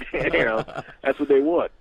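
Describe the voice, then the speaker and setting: A man, a comedian telling stories in an animated, profane way as a guest. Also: mid-range voice, gravelly, husky, no room sound. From Philadelphia area, USA. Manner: animated, swearing, laughs often, acts out dialogue. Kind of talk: casual storytelling interview. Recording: dull lo-fi radio recording.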